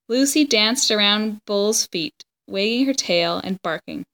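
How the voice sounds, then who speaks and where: A woman's voice: medium pitch, animated, a little slow, few pauses, fairly bright tone. Woman reading a children's book aloud. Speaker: story reader.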